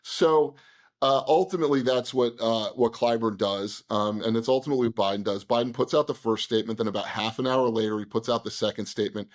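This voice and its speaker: A man retelling a sequence of events as an interview guest, with an animated, conversational delivery. His pitch sits in an ordinary middle range, and his talk is full of fillers and quick restarts. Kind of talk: conversational storytelling.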